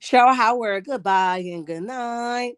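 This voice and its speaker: A woman's voice: fairly high pitch, measured pace, fairly bright tone, clean tone, no echo, clean studio sound. A woman hosting a casual live-stream gossip chat, sassy, reading viewer comments aloud and calling everyone honey. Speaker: livestream host.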